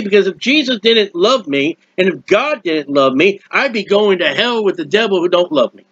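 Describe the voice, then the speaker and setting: High-voiced man preaching excitedly at home. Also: moderate pace, few pauses, husky, dry recording. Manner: animated, rambling, exclamatory. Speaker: preacher of a hymn channel. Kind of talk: impassioned home sermon. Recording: dull lo-fi dry sound.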